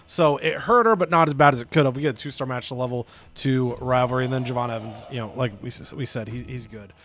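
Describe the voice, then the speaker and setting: A man casually recapping a wrestling management game, animated and profane, slipping into other characters' voices. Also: medium pitch, quick pace. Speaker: let's play host.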